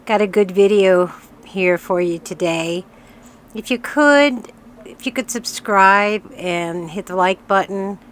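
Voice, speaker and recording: A woman's voice: mid-range voice, slow. Sick-sounding woman hosting a channel. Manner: friendly, chatty. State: sick, strained voice. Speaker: channel host. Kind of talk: casual reaction-video intro.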